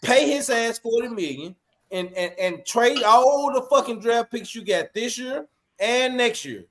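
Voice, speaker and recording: A man on a sports podcast, fired up and profane, his voice swinging between loud and quiet. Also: very high-pitched, animated, unhurried. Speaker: podcast panelist. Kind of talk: heated casual sports chat.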